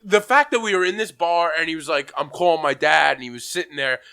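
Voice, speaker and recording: A young man on a casual podcast, telling an animated story and acting out what people said. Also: fairly high pitch, quick pace, smooth. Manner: animated storytelling, acts out quotes, laughs often. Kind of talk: casual chat.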